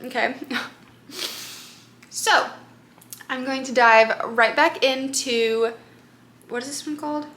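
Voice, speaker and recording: A woman's voice: fairly high pitch, a bit bright, a little hiss or hum. A woman book vlogger talking casually to camera, chatty and rambling, with lots of fillers.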